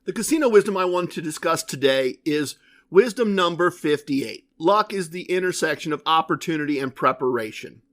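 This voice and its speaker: A man's voice: fairly high pitch, expressive, normal speed, fairly bright tone. A man hosting a podcast, telling a rambling, self-questioning story in a casual solo monologue. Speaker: podcast host.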